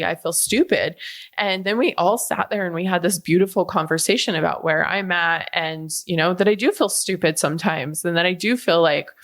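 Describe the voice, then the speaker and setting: A woman's voice: lowish voice, creaky, a bit bright. A woman hosting a personal podcast, talking frankly and emotionally to her listeners, cursing casually and addressing them directly. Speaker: podcast host. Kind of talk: candid personal podcast talk.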